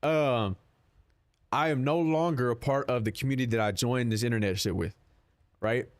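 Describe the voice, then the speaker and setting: A man's voice: medium pitch, moderate pace. A man streaming a game, chatting casually with his chat in a rambling, profane, laid-back way.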